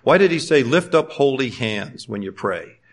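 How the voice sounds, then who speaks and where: A middle-aged man preaching a sermon. He moves between loud, fervent exhortation and quiet, conversational storytelling. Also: mid-range voice, lively intonation, normal speed.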